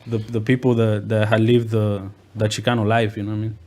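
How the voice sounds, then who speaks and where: A man's voice: fairly low pitch, flat delivery, a little fast, a little mellow. Rapper guy on a podcast, kinda hesitant, says "you know what i mean" a lot, stumbles over words. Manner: hesitant, repeats words, many fillers. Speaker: guest rapper. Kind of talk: casual chat.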